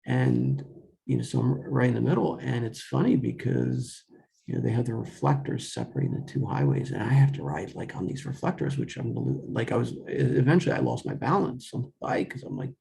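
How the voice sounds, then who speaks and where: A young man recounts a personal story in a loose, rambling way, stopping often to restart his sentences. His voice is heavily gravelly, with a dark, mellow tone, and he acts out quoted dialogue as he goes. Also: mid-range voice, expressive, a little fast. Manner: rambling, full of fillers and self-corrections; quotes himself and others in dialogue.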